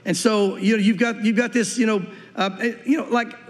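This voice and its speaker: A pastor from Tennessee with a light Southern US accent, preaching a sermon in a fast, animated way and acting out the voices he quotes. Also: sits high, a little hiss or hum. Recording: long reverb of a large hall.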